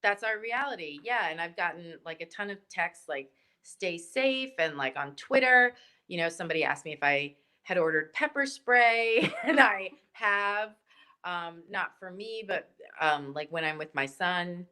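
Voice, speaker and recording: Bright, animated woman telling stories. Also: on the low side, moderate pace. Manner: animated, rambling, many likes and ums. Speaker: guest. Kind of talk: casual storytelling chat.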